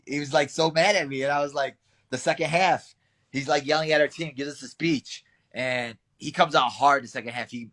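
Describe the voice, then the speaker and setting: Laid-back young fighter telling stories. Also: male voice, mid-range voice. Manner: relaxed, laughs often, storytelling with acted quotes. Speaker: interviewed fighter. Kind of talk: casual interview answers.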